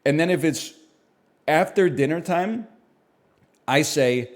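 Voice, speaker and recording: A man's voice: on the high side, slow. A man streaming, chatting casually and riffing wryly on his own jokes with mock-serious asides. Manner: rambling, wry, mock-serious bits.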